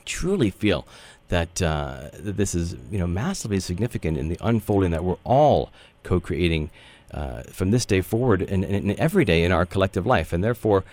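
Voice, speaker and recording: A man's voice: deep voice, very animated, fairly quick, hardly any pauses, darkish tone. A man hosting a spiritual radio talk show, speaking in a meandering, earnest way with many fillers. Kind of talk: casual spiritual radio chat.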